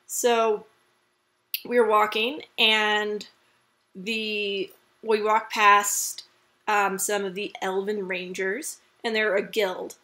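A woman's voice: mid-range voice, flat delivery, slow pace, pushed and bright. A young woman vlogger telling a casual, chatty story about a park visit, full of fillers and asides.

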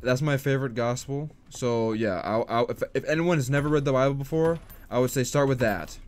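A gaming streamer gives casual commentary on a video game, hyped and talkative, rallying his viewers and goofing around. He speaks briskly in a medium-pitched voice.

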